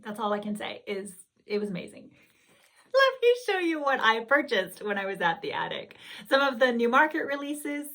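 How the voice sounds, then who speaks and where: A woman's voice: fairly high pitch, fairly bright tone. A woman hosting a needlework video, chatting casually and gushing as she rambles and corrects herself. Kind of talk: casual chatty show-and-tell.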